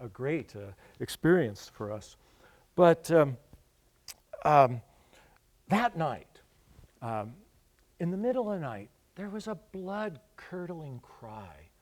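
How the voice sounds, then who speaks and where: A man speaking at a colloquium, spinning a rambling story full of ums and restarts. His voice sits at an ordinary middle pitch. He talks his way through it in an unhurried, conversational way. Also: darkish tone. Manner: rambling, halting, many fillers and restarts. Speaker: guest speaker. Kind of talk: storytelling lecture. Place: lecture hall.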